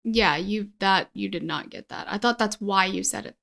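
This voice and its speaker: A woman's voice: medium pitch, animated, normal speed, fairly bright tone. A woman with a slight cold co-hosting a casual true-crime podcast, making wry, emphatic asides. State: slight cold, itchy nose. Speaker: podcast co-host.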